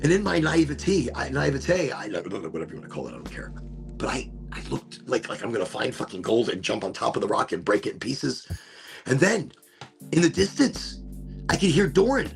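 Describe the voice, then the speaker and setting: A man hosting a podcast, telling a story in a casual, animated way, swearing and repeating words as he goes. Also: mid-range voice, a little fast, creaky, faint music behind. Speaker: podcast host.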